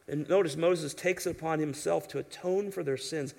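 A man's voice: on the high side, moderate pace, creaky, darkish tone. A man preaching an expository sermon in an emphatic, conversational way, asking his listeners rhetorical questions. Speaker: pastor.

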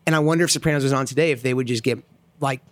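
Quick-talking co-host, questioning, dry close sound. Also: male voice, mid-range voice, dry recording. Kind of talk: casual chat.

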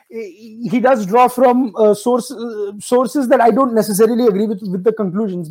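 A man's voice: high voice, poor audio. A man with an Indian accent hosting a casual podcast chat, slipping Hindi phrases into his talk. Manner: fluid, mixes in Hindi phrases. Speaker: podcast host.

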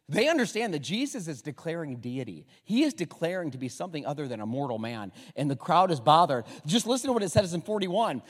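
A male pastor preaches with lively, sweeping pitch. He jokes and drops to a hush before booming again. His fairly high voice rings through an echoey church hall. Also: fast, hardly any pauses. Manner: animated, joking, swings from hushed to loud. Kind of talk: sermon.

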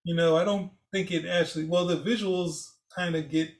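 A man's voice: a little high, fairly even intonation, moderate pace. Easygoing man co-hosting a film review. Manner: easygoing, laughs as he talks. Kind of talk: casual review chat.

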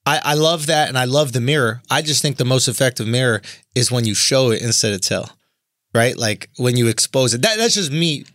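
A man's voice: medium pitch, expressive, a little fast, a bit bright, no room sound, clean studio sound. A male comedian in a casual podcast talk, persuasive and arguing his point. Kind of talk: casual chat.

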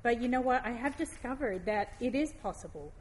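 A woman giving a heartfelt devotional talk, reading scripture aloud slowly and gently. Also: on the high side, expressive, a little hiss or hum.

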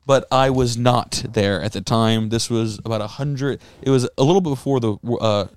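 A man's voice: medium pitch, normal speed, smooth, dry recording, clean studio sound. A man co-hosting a casual comedy podcast, telling rambling stories and laughing mid-sentence. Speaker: podcast co-host.

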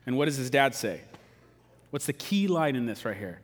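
A man's voice: mid-range voice, sing-song, moderate pace, in a large hall. A man preaching a sermon in a casual, joking, conversational way. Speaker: pastor.

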